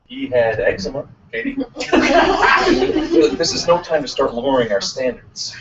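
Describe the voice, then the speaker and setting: A demanding, dismissive studio boss who refuses to lower his standards, read by a man at a table read. His pitch swings widely as he talks. The voice comes from far away in a roomy space, on a dull recording. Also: big pitch swings, normal speed, noisy background.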